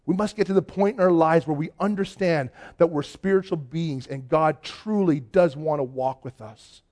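A man's voice: a little high, moderate pace. A man preaching a sermon, telling a story with rising energy. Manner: storytelling, builds from quiet to animated. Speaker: pastor.

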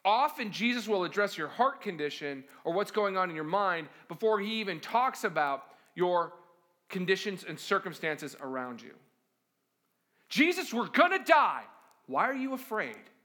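A man's voice: high voice, lively intonation, moderate pace, bright, forceful tone. A man preaching as a pastor in a conversational sermon, often asking the listeners rhetorical questions and acting out the voices he quotes. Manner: acts out quoted voices dramatically.

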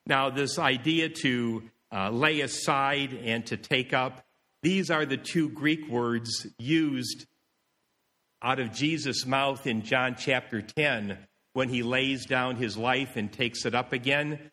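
A man's voice: medium pitch, takes it slowly, sharp tone. Male pastor, emphatic sermon delivery, repeats his points, long hall reverb. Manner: emphatic, repeats key phrases, acts out quoted voices.

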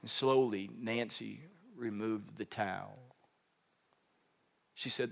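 A man preaching a sermon, telling a story with animated, rising emphasis. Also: fairly low pitch, takes it slowly, vocal fry, pauses often. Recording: long hall reverb.

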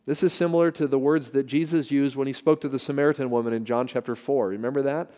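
A man's voice: mid-range voice, fairly even intonation, fast talker, dark tone. Earnest male pastor preaching in a reverberant hall. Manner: earnest, conversational preaching with storytelling. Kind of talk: sermon. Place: church sanctuary. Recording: church hall with long reverb.

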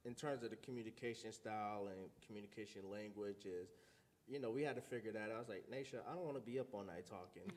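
A man's voice: lowish voice, quick pace, a little mellow. A man speaking as a guest about his marriage, in a laid-back, casual way. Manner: laid-back, says you know what I mean a lot. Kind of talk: casual interview chat.

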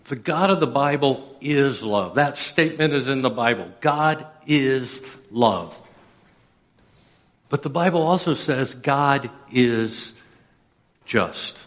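A pastor preaching a sermon, telling stories with dramatic pauses and building intensity. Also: male voice, mid-range voice, animated, fairly bright tone, big-room sound. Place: church sanctuary.

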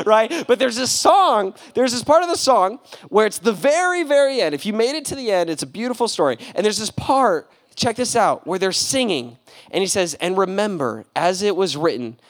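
A young man preaching a casual, animated sermon, full of slang and acted-out quotes. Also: sits high, moderate pace. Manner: animated, casual slang, acts out voices with laughs. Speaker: pastor.

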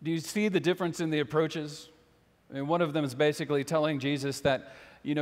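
Male pastor, sermon, earnest, questioning, repeats phrases, slightly high voice, long hall reverb. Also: fairly even intonation, quick pace.

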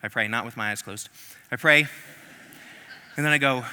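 A male preacher delivering a sermon in a large hall, animated and humorous, slipping into acted-out voices between scripture readings. His tone is very bright and ringing, and a long reverb trails behind him. His pitch sits in the middle range. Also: brisk, pauses often, smooth.

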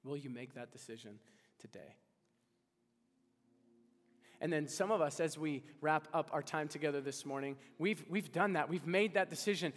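A man's voice: on the high side, moderate pace, pauses often, in a large hall. A man preaching a sermon as pastor, earnest and building to urgent appeals to the congregation. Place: church hall.

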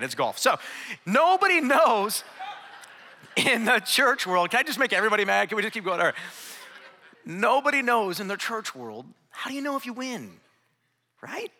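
Man, middle-aged pastor, sermon, high voice, playful storytelling, long hall reverb. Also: moderate pace, pauses often, slight background noise. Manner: humorous, animated storytelling with crowd asides.

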